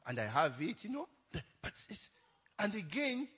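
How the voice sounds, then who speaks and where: A man's voice: high voice, huge pitch swings, measured pace, bright, forceful tone, breathy edge. A young adult man, a pastor telling a story in a chatty sermon, laughing often and tagging lines with "eh?".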